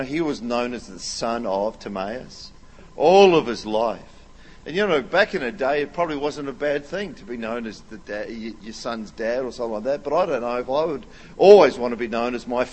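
A man in his thirties preaching a sermon as a pastor, telling stories animatedly and at times rising almost to a shout. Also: fairly high pitch. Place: large church hall. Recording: long reverb of a large hall.

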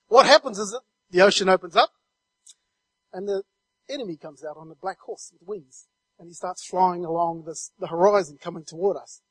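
Speaking as a guest, a New Zealand man vividly recounts his testimony, chaining his phrases with a steady run of "and"s. His voice is high with a breathy edge, and the sound is dry, close and echo-free.

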